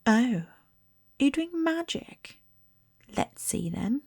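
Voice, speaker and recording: A woman's voice: high-pitched, very animated, darkish tone, voice pushed up, heavily acted. A woman voicing a bossy, know-it-all schoolgirl in a read-aloud storybook. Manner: bossy, brisk.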